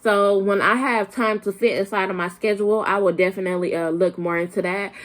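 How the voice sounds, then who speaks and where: Talking fairly quickly with a medium-pitched, steady voice, this young woman from Flint, Michigan, who grew up in Arkansas, rambles to camera. A slight Southern country accent colors her speech, which is full of fillers and restarts.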